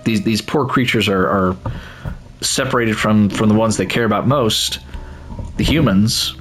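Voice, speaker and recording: A man's voice: on the low side, unhurried, a bit bright, a little hiss or hum. A man hosting a let's play and commenting on a video game in a rambling way, with lots of restarts. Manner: rambling, with many restarts and laughs. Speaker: gaming channel host.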